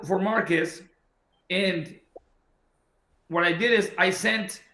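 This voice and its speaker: A boxing trainer telling a long story in casual talk, acting out the voices of the people in it. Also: male voice, high voice, echoey room, low-quality recording. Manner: animated anecdote-telling, acting out quoted dialogue.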